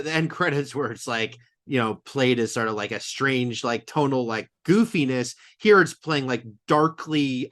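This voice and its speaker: A man's voice: medium pitch, fairly bright tone. A man co-hosting a podcast, talking casually about a film, with trailing phrases and lots of fillers. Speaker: podcast co-host.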